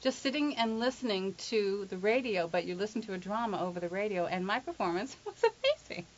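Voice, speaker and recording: A woman working as an accent coach and actress, telling stories in an animated, chatty way. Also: mid-range voice, brisk. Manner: chatty, animated storytelling with laughs. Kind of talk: casual conversation. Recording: lo-fi with faint hiss.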